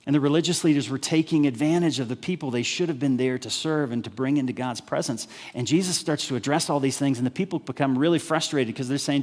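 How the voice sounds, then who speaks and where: A male pastor preaching a lively sermon, firing off rhetorical questions and briefly acting out the voices of crowds. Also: mid-range voice, quick pace, hardly any pauses. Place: church hall. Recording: live church stream with long hall reverb.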